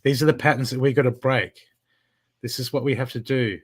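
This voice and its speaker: A man's voice: medium pitch, steady tone, fairly quick, a little hiss or hum. A man giving a live spiritual card reading, talking in an emphatic, repetitive coaching way. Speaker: intuitive card reader.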